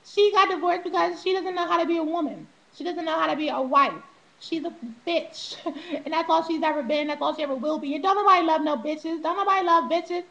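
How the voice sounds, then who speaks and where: A young woman speaks straight to camera, recounting her own past in a loose, profane vlog style. Her voice sits very high and sounds bright and sharp. She laughs often and slips into animated impressions of the people in her story. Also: fairly quick, gravelly, lo-fi sound. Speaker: vlogger telling her life story.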